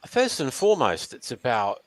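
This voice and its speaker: A man who runs a youth learning program, speaking as a guest and telling lively anecdotes. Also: medium pitch, moderate pace. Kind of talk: storytelling conversation.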